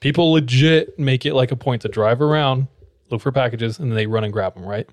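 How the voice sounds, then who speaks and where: A man co-hosts a podcast and tells a story in a casual, chatty way. He acts out the people in it, his pitch swinging up for their lines. The sound is dry and close. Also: a little fast, no room sound. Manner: animated, acts out quoted dialogue. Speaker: podcast co-host.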